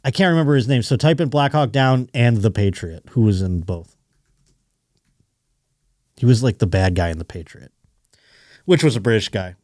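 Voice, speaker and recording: A man hosting a podcast, talking in loose, rambling casual chat full of swearing and quick laughs. His voice sits at an ordinary middle pitch, and the sound is dry and close, with no room around it. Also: darkish tone, dry recording. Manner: rambling, profane, laughs often. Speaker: podcast host.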